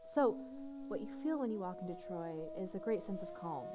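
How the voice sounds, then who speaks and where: A woman's voice: medium pitch, lively intonation, brisk, close to an everyday voice. An actress narrating on stage, describing a city and guiding the listener through it in a live theater performance, with music behind her. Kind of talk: theatrical storytelling. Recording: clear music under the voice.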